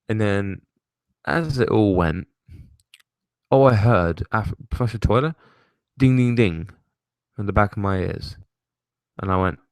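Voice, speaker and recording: Rambling young man, low voice. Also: no echo. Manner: rambling, swears casually, laughs often. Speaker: host. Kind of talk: casual rambling chat.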